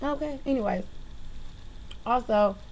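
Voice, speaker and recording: Young-sounding woman with a raised pitch, venting at home into a webcam. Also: measured pace, low-quality recording. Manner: animated, exasperated ranting. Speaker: vlogger. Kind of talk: casual venting monologue.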